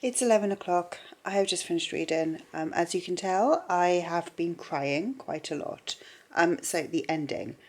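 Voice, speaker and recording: Chatty woman with a lowish voice. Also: animated, moderate pace, darkish tone. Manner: chatty, gushing, many fillers. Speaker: book vlogger. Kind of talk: casual reading vlog.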